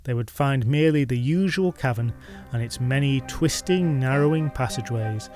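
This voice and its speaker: A man's voice: mid-range voice, normal speed, a little mellow, faint music behind. A man narrating a medieval legend in a wry, conversational way, adding his own asides. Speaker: storyteller.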